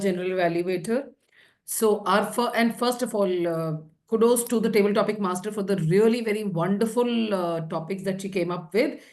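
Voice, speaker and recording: A woman's voice: medium pitch, a little mellow. A woman from India giving encouraging feedback as a table topics evaluator in an online club meeting.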